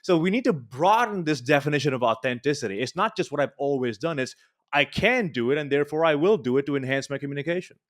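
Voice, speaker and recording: A man's voice: on the high side, lively intonation, fast talker. A man answering as a guest speech coach in an interview, talking in an emphatic, coaching tone.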